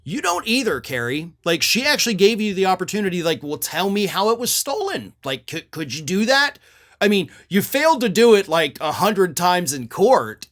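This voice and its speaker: A man's voice: high voice, a bit bright. A man hosting a political commentary show, talking in an indignant, sarcastic way and reading out quotes at length.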